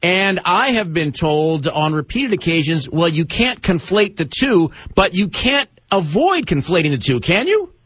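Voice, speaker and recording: High-voiced male radio host, dull lo-fi audio. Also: big pitch swings, a little slow, few pauses, a bit bright, slightly rough. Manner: emphatic, presses his guest with long multi-part questions. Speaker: radio talk show host. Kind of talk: pointed radio interview questioning.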